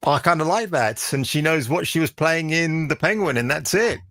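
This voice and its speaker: Guy chatting about movies, opinionated, bit higher voice, dry close mic. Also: animated, moderate pace, bright, forceful tone, no echo. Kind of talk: casual watch-along chat.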